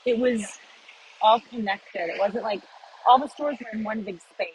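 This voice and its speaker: A woman's voice: a little high, normal speed, slight background noise, rough recording. An American woman vlogging casually while walking city streets, rambling and self-deprecating, recorded on a phone. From United States.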